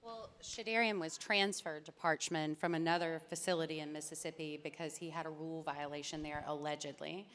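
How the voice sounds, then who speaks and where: A woman lawyer speaking on a panel in a measured, explanatory way. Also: sits low, fairly even intonation, a bit bright. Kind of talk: panel discussion. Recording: reverberant conference hall.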